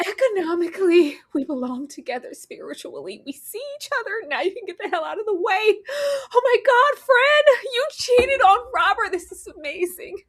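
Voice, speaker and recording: Brief: woman doing a gloating society wife, high, gushing, mock-sweet. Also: a bit bright. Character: gloating scheming rich woman faking concern.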